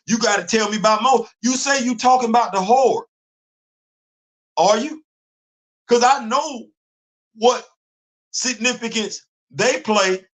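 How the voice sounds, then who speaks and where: Animated high-voiced male stream host. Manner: animated, rhetorical questioning, repeats himself. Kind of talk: live stream commentary.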